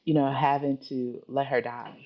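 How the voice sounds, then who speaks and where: A woman's voice: extremely low pitch, normal speed. A woman in her thirties with a Philadelphia accent, a podcast guest telling a personal story in casual chat and acting out what others said. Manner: animated, dramatic quoting of others. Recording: muffled lo-fi podcast audio.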